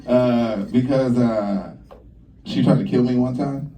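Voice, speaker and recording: A young man doing a stand-up routine on a comedy club stage, brash and profane, acting out both sides of his stories with sudden jumps in pitch. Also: slow pace, warm tone, distant mic.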